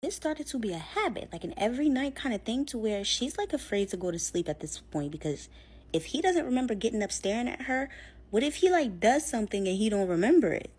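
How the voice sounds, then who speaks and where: A woman's voice: on the high side, very animated, brisk, a little mellow, breathy edge. A woman telling a scary story in a chatty, casual way, full of fillers, acting out what people said. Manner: chatty, filler-heavy, acts out quotes.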